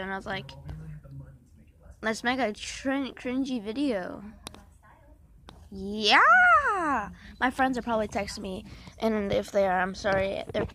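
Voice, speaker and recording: A woman rambling and joking in a scattered, silly way while making a casual video. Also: mid-range voice. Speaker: video maker. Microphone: headphones on, yelling at times. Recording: noisy hiss behind voice.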